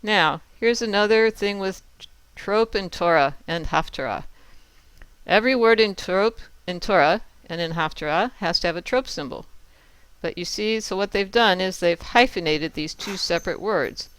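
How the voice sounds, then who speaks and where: A patient teacher walks through Torah cantillation step by step, chanting each example aloud in a smooth, slightly bright mid-range voice. The pace is normal, and the recording has no room sound.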